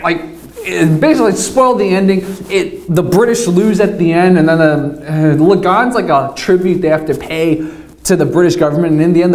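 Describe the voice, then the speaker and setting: A man's voice: sits high, a little mellow. A young man casually telling a rambling, self-mocking story with plenty of swearing. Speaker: vlogger. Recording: echoey room.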